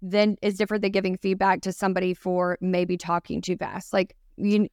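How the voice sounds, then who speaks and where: A woman co-hosting a podcast in relaxed, casual chat, talking fast. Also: medium pitch, dry recording, studio quality. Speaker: podcast co-host.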